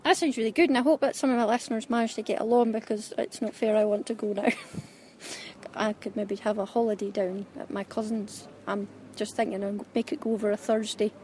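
A woman from Caithness with a Scottish Highland accent, hosting a casual, giggly interview on her phone at a festival. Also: fairly even intonation, fairly quick, a little mellow, a little hiss or hum. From Caithness, Scotland. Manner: chatty and giggly, teasing. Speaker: podcast host interviewing at a festival. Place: outdoor-ish busy festival hall. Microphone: phone held by interviewer.

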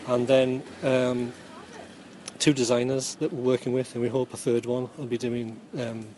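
In a warm, level mid-range voice at normal speed, a middle-aged Geordie from Newcastle, England, describes his work as a yarn dyer and ex-chemistry teacher. His casual interview answers ramble, peppered with ums and dry jokes, and the interviewer's phone leaves a faint hiss or hum.

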